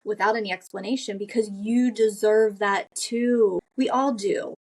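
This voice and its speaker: A woman's voice: medium pitch, steady tone, a little slow, darkish tone. A woman hosting a podcast interview, speaking in an enthusiastic, gushing way. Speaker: podcast host.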